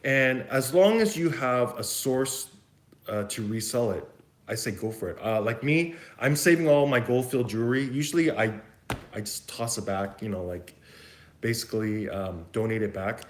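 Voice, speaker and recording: A man's voice: mid-range voice, normal speed. A man from Vancouver with a West Coast Canadian accent, answering viewer questions in a casual, rambling live chat. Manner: rambling, chatty, thinks aloud. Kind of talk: casual livestream Q&A. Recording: echoey room.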